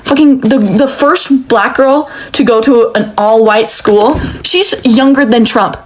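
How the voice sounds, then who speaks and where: A woman's voice: on the high side, a little slow, slight background noise, low-quality recording. A young woman giving an angry, emotional rant, swearing often. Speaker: commentator. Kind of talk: heated rant.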